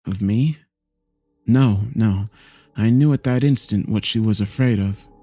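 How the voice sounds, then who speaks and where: A man narrating a horror story in a slow, grave storytelling manner. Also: lowish voice, mellow.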